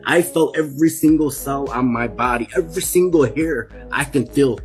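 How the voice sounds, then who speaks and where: A man's voice: medium pitch, moderate pace, hardly any pauses, faint music behind. A man in his forties telling a personal testimony in an emphatic way that keeps repeating itself. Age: 40s. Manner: emphatic, repetitive storytelling. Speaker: guest giving a testimony.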